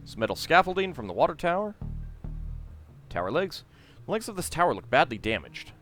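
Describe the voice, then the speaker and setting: A man's voice: fairly high pitch, very animated, fairly quick, fairly bright tone, faint music behind. A man casually commenting while playing a point-and-click game, reading its lines aloud with chatty asides. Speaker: let's play host.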